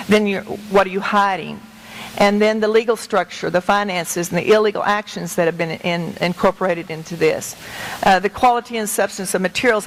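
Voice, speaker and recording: A woman's voice: on the low side, a little hiss or hum, poor audio. A middle-aged woman educator giving an earnest, emphatic talk to a meeting as a guest speaker, speaking conversationally. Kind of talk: public talk to a meeting with slides.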